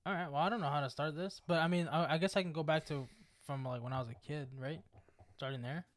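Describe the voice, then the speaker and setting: A young man co-hosting a podcast in casual chat, quick and chatty, often restarting his sentences. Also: a little high. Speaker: podcast co-host.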